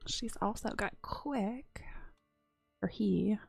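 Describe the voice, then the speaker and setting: A woman streamer giving whispered gameplay commentary, softly murmuring to herself as she plays. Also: mid-range voice, slow, creaky, husky, dry recording, soft background music. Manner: soft murmuring to herself, often unvoiced whisper.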